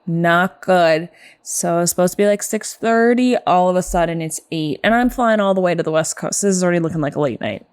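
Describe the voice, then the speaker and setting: A woman's voice: lowish voice, a little fast, clear, resonant tone, no room sound, clean studio sound. A woman co-hosting a comedy podcast, telling a story in a chatty way full of "like". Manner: chatty, peppered with "like". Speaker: podcast co-host.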